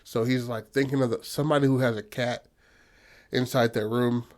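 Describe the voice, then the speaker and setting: Male podcast co-host, casual swearing storyteller, middle pitch. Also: steady tone, normal speed, darkish tone. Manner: loose, profane retelling with acted-out quotes.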